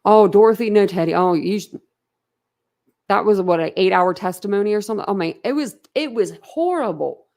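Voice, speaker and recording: A woman with a medium-pitched, slightly mellow voice speaks briskly as she hosts a livestream. She chats with viewers casually and bluntly, wandering in her talk and laughing a lot.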